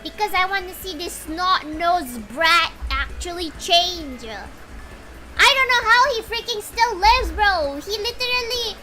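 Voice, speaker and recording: A woman streamer chatting casually while playing a game, excitable and talking to her chat. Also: very high-pitched, a little slow. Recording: loud game music behind.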